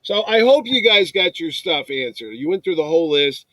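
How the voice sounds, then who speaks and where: A man in his fifties from New York chats in a lively, storytelling way and acts out other people's voices as he goes. His voice sits a bit high for a man. The sound is dry and close, with no room echo. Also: normal speed. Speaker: convention producer. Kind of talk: casual chat.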